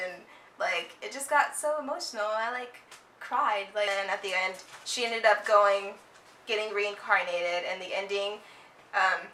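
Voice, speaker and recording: A young woman co-hosting a casual chat, retelling a story in a relaxed way with giggles and fillers. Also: mid-range voice, normal speed. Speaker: co-host. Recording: echoey room.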